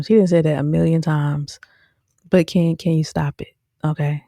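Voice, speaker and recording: Low, gravelly-voiced woman reviewing a show. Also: moderate pace, no echo. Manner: chatty, addresses viewers directly as "y'all"; animated, with frequent "um" and "okay?". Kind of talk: casual commentary.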